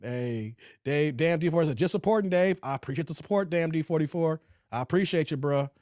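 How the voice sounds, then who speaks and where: A man's voice: fairly high pitch, brisk, darkish tone, dry recording, clean studio sound. A man hosting a livestream in casual chat, reading viewer comments aloud in a laid-back, slangy way. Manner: laid-back and slangy, often ends lines with "man" and "y'all". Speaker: livestream host. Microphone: streaming setup.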